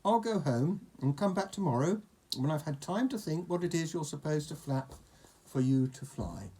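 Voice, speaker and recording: A man voicing a slow-thinking, friendly male pig in a children's storybook, speaking in an eager, plodding way. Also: fairly high pitch, expressive, warm tone, husky. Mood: cheerful.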